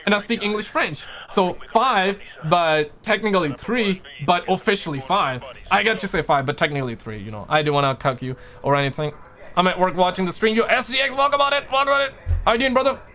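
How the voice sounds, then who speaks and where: A young man from Quebec, Canada, speaks fairly quickly in a high voice as he hosts a casual livestream. Relaxed and chatty, he talks loosely and reads viewers' messages out loud.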